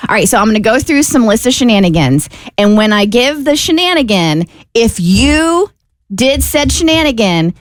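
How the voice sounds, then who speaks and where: Female radio co-host, bright lively delivery, dry close mic, playful game-show tone. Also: on the high side, moderate pace, dry recording. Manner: playful, explaining game rules. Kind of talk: morning radio banter.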